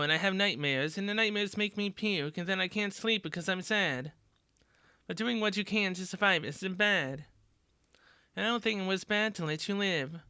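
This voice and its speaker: A woman voicing a gruff, blunt teenage girl fighter who talks crudely and swears casually. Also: mid-range voice, sharp tone, no echo, clean studio sound, lightly acted.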